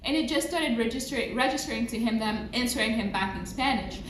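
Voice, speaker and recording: Animated woman telling a story. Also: fairly high pitch, fast talker. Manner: animated retelling, repeats phrases for emphasis. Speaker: vlogger. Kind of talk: casual storytime. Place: near a road with passing cars. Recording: roomy sound with faint traffic noise. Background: passing traffic.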